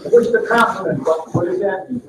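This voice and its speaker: This trainer's voice sits high and moves at a moderate pace, with slight noise in the background. Running a live seminar, he speaks with energy and performs little workplace exchanges, picked up by a far-off mic in an echoing room.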